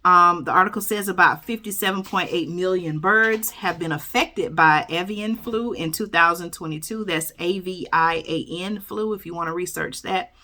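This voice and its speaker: Her voice sits on the low side, bright and forceful, moving at a moderate clip with few pauses. This woman hosts a YouTube channel and reads the news out loud with her own commentary, tossing in "okay?" and "y'all" and fixing her slip-ups along the way.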